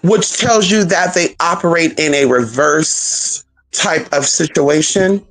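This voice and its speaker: Brief: fiery profane preacher on a stream, wildly swinging pitch, shouted call-outs. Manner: call-and-response exclamations, heavy cursing, swoops between high cries and low asides; reads scripture slowly and drawn out. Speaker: spiritual teacher streaming a talk.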